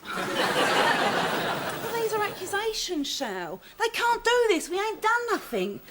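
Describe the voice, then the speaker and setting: Brief: a fiery housewife, high and very lively voice, audible background noise. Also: female voice, over a noisy crowd, exaggerated voice. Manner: indignant, quick-tempered, argumentative. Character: brassy London housewife, married to a prisoner. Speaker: sitcom character.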